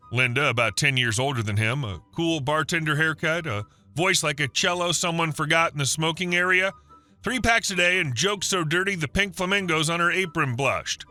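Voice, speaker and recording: A man narrating a scripted first-person story in an even storytelling manner. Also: fairly high pitch.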